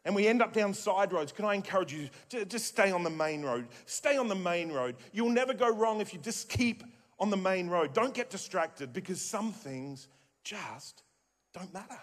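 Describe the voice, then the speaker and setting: Aussie pastor guy preaching, high voice, keeps repeating his point, cracks jokes, big echoey church hall. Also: animated, normal speed. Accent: Australian. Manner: emphatic, repeats key phrases, jokey asides. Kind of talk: sermon. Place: church auditorium. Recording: long hall reverb in a church.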